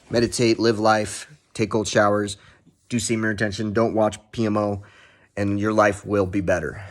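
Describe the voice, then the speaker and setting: A man's voice: on the low side, level tone, measured pace, long pauses. A young man vlogging a casual, heavily profane self-help pep talk. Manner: heavy swearing, pep-talk.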